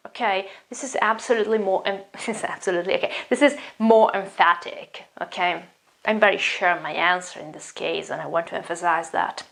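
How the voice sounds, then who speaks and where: A woman's voice: medium pitch, normal speed, creaky, fairly bright tone. Italian-accented woman teaching English. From Italy. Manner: explanatory, repeats words and restarts often. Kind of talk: online English lesson.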